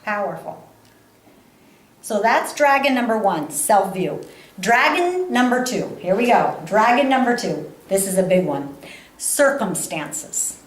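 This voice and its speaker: A woman giving a live motivational talk to an audience, animated, laughing often and repeating phrases for emphasis. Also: mid-range voice, measured pace. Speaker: motivational speaker. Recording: echoey hall.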